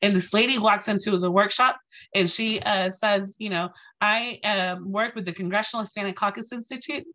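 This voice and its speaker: A woman's voice: mid-range voice, moderate pace. A woman from Texas giving a storytelling lecture to a live audience, acting out quoted lines and speaking to the crowd directly. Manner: animated, acts out quotes, addresses audience directly. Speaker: guest speaker.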